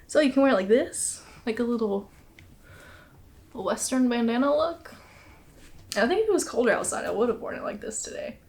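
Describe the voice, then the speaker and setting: A woman's voice: fairly high pitch, expressive, brisk, long pauses, a little mellow. A young woman hosting a knitting podcast, chatting casually, laughing often and a little out of breath. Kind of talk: casual chat.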